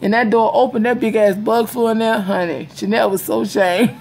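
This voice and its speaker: A woman chatting casually to camera in an animated storytelling style, laughing often. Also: on the high side, gravelly. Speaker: vlogger. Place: home, indoors. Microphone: phone or webcam camera.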